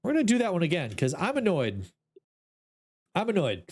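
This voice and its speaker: A man's voice: high voice, huge pitch swings, normal speed. A man streaming a ghost-hunting game, talking to his chat in an exasperated, joking way. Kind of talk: casual gameplay commentary.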